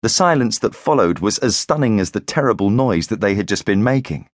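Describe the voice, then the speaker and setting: A man narrating an audiobook thriller in a measured, grave storytelling manner. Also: on the low side, animated, no room sound. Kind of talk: scripted narration.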